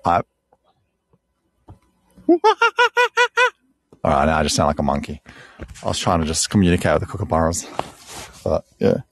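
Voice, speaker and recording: A man's voice: extremely low pitch, steady tone, quick pace, a little hiss or hum. An Australian man chatting with live viewers on an outdoor walking tour, rambling, joking and laughing often. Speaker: live-stream tour guide. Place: outdoors on a bush walk.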